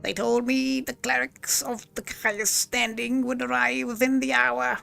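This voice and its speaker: A man voicing a tiny, threatening goblin queen with a shrill, gravelly voice and a contemptuous, imperious manner. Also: level tone, a little slow, pushed and bright, soft background music, heavily acted. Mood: haughty. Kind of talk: video game dialogue read aloud.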